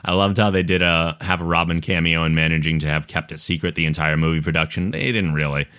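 A man with a very deep voice hosts a laid-back podcast. He talks in a relaxed, conversational way, breaks into a chuckle now and then, and reads listener mail aloud. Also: fast talker, clear, resonant tone. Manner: relaxed, conversational, laughs between points. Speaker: podcast host. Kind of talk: casual podcast chat, reading listener email.

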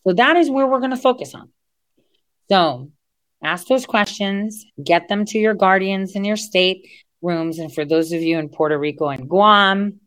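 A woman's voice: deep voice, dry recording. A woman talking casually to her online audience, blunt and profane, digressing and laughing as she goes. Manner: blunt, swears freely, digresses and laughs mid-rant. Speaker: online political commentator.

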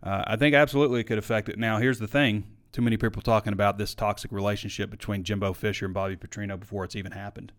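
A man's voice: on the low side, fairly even intonation, racing, few pauses. A man hosting a live sports talk show, chatting casually and opinionated, reading viewer comments and arguing back. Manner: opinionated, conversational, frequent fillers.

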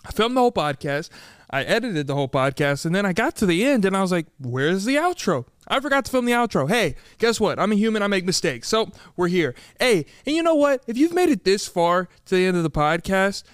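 A man's voice: high voice, very animated, a little fast, smooth, no echo, clean studio sound. A young man hosting a podcast, telling a story animatedly and acting out other people's lines. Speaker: podcast host.

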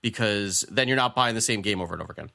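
A man's voice: fairly low pitch, very fast, vocal fry, pushed and bright. A man co-hosting a casual podcast chat, reading out a listener question and answering in a chatty way with many restarts. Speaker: podcast co-host.

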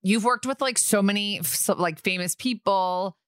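A woman co-hosting a casual interview podcast, enthusiastic and quick to exclaim. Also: mid-range voice, fairly bright tone, clean tone, no room sound, clean studio sound. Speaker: podcast co-host.

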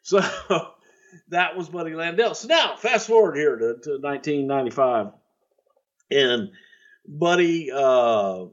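A middle-aged man with a somewhat high, animated voice tells wrestling stories in a casual podcast chat, speaking a little slowly with long pauses. He's profane and rambling, chuckling as he goes, and the sound is lo-fi.

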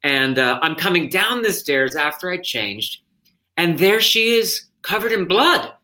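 Male stage actor, interview guest, bright tone, animated storytelling, self-interrupting. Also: sits high, measured pace.

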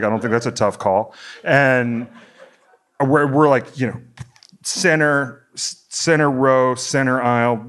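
A middle-aged American stand-up comedian tells a long, rambling story with lots of animation. When he gets worked up, his voice climbs high.

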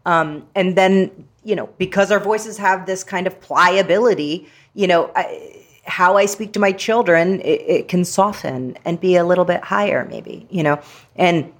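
A woman's voice: on the low side, unhurried. A woman author speaking as an interview guest, reflective and playful, with frequent fillers. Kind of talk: casual interview talk.

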